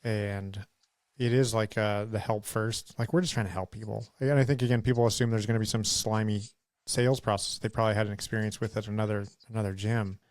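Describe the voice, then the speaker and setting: A man hosting a podcast interview who also runs a gym, chiming in with eager agreement and quick affirmations. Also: on the low side, steady tone, no echo. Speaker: podcast host, gym owner.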